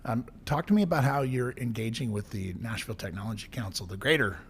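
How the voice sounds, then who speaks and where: A man's voice: mid-range voice, quick pace, a little hiss or hum. A man co-hosting a podcast, sharing opinions in a reflective way before asking his guest a question. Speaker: podcast co-host. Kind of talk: casual podcast interview.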